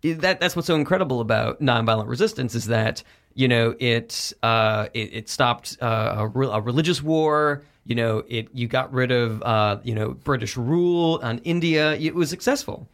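Stammering, incredulous comedy radio host. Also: male voice, medium pitch, normal speed, a bit bright. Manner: stammering, incredulous, playing the straight man. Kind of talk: comedy interview show. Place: rented studio.

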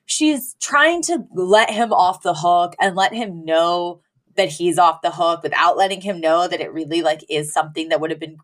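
A woman with a lowish voice and a moderate pace co-hosts a podcast, recapping an episode in casual chat. Her retelling is animated, and she mimics the characters' lines as she goes.

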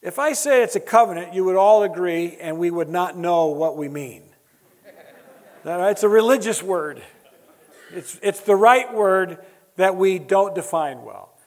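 A man with a high-pitched, animated voice preaches a sermon at a slightly slow pace. He's emphatic, building his points through repetition and tossing wry asides to the audience. The recording has a long hall reverb.

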